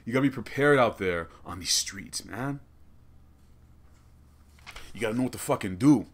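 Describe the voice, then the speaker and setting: A young man hosting a comedy podcast, rambling and cursing in an excitable way from a small studio. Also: mid-range voice, normal speed. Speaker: podcast host. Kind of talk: casual comedic podcast rant.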